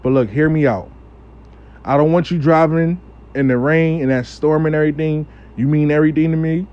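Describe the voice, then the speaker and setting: A man's voice: on the high side, steady tone, brisk, muffled recording, lightly acted. A man voicing a caring mother who earnestly pleads out of protectiveness. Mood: protective.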